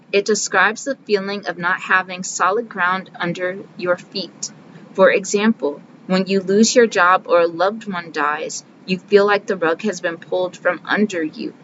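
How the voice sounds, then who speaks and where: A woman giving a casual, earnest book review who talks herself through her worries and slows down to list key terms. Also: on the low side, a bit bright, highs cut off, slight background noise.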